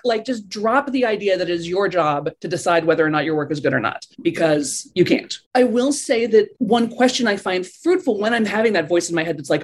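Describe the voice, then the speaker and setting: A woman guest in a conversational interview, talking with animated swings and acting out the voices in her head. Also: a little fast, hardly any pauses, slightly rough. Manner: animated, acts out inner voices with big pitch swings.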